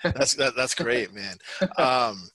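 Guy hosting a chat show, bright voice, dry close sound, lots of quick yeahs. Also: medium pitch, no echo. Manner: short encouraging interjections. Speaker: podcast host. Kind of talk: casual interview chat.

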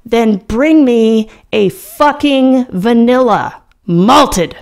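A woman voicing a rage-prone, arrogant young male businessman, snarling and yelling in an audiobook reading. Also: fairly high pitch, drawn-out words, voice pushed up. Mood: roaring.

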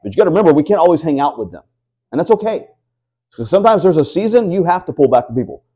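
A man's voice: a little high, big pitch swings, racing, mellow. A man preaching a sermon to a house church, reading scripture aloud and asking the listeners rhetorical questions. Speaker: pastor.

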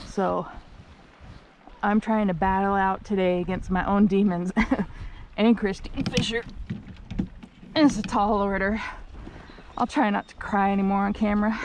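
A woman kayak angler talking to her camera while fishing outdoors on a windy lake, chatty and candid, breaking into excited whoops. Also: medium pitch, creaky. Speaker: kayak angler filming her tournament day. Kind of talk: casual vlog narration while fishing. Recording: strong outdoor wind noise.

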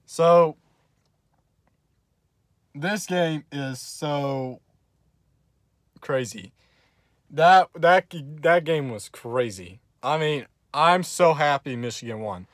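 A young man, gloating and laughing in an excited fan reaction vlog. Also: on the high side, drawn-out words, pauses often, dry recording, clean studio sound. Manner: gleeful, taunting, bursts into loud laughter. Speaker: vlogger.

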